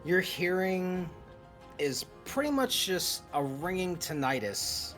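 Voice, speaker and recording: A man's voice: high voice, very animated, slow, fairly bright tone, soft background music. A man narrating as game master of a tabletop role-playing game, loose and hesitant with fillers.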